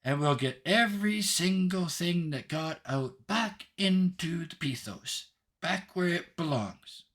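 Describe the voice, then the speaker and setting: A man's voice: fairly high pitch, animated, takes it slowly, a bit bright, voice pushed up, full character voice. A man voicing a tiny, cheeky golden girl figure with a bubbly, tinkling voice. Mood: cheerful.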